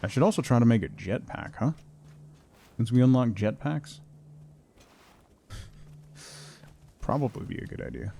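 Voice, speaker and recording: Male game streamer, gravelly and mellow, lively pitch, casual chatter, faint background noise. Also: a little slow, pauses often. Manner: chatty, talks to his cat and chat. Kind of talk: casual gameplay commentary.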